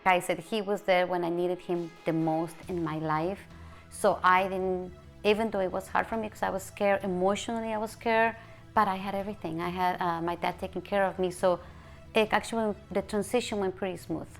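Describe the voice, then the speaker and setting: A woman from Mexico City, speaking in a lowish voice with fairly even intonation, gives a personal interview over soft music. She is emotional, and her account comes out haltingly with frequent restarts.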